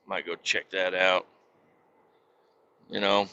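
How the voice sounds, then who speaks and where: Bright-voiced profane man telling stories. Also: low voice, slow pace, creaky, dull audio, a little hiss or hum. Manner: profane, rambling and animated. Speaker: podcast host. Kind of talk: casual storytelling chat.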